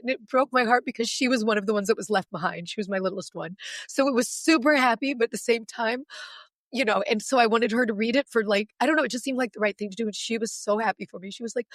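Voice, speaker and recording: A woman in her forties, a podcast guest, telling a long, emotional story in an animated, long-winded way. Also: fairly high pitch, quick pace, no room sound, studio quality.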